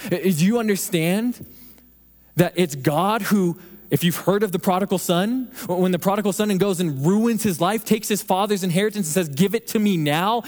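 A man preaching a sermon in an earnest voice, slowing and softening for emphasis. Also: high-pitched. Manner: earnest, building then dropping to slow soft emphasis. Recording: long reverb of a hall.

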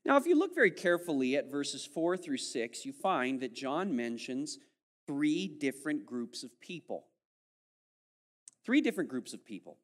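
A man preaching a sermon as pastor, animated, acting out the voices of his listeners and swinging between loud, pressing moments and hushed, slow ones. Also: a little high, in a large hall.

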